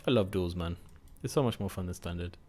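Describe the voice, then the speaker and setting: Gaming host, a man with a lowish voice, thinks out loud, loose and self-mocking, faint hiss behind. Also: fairly quick. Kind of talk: casual gameplay commentary.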